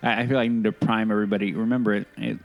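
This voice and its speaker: A man's voice: lowish voice, little pitch movement, vocal fry. A man co-hosting a podcast in casual chat, opinionated and earnest, often restarting his sentences. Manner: halting, many restarts and self-corrections. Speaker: podcast co-host.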